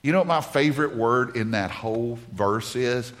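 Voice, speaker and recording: A man's voice: mid-range voice, normal speed, a bit bright. A man preaching a sermon at a conference, emphatic, repeating key phrases over and over. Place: conference stage.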